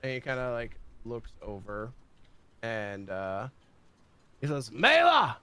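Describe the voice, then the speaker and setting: A man's voice: on the low side, takes it slowly, clean tone, no room sound. A man running a tabletop game as game master, narrating in a casual way, laughing often and swearing freely.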